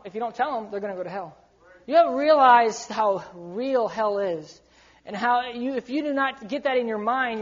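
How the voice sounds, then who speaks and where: A man's voice: high-pitched, muffled recording. A man preaching to young people in an urgent, emphatic sermon, often acting out what people might say. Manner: emphatic, urgent, slips into quoted voices. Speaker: youth preacher.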